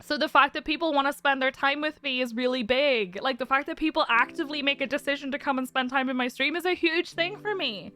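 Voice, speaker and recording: A woman's voice: sits high, quick pace, few pauses, pushed and bright, faint music behind. A woman streamer chatting casually with her audience, emotional and close to tears, laughing often as she reads chat aloud. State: teary, close to crying.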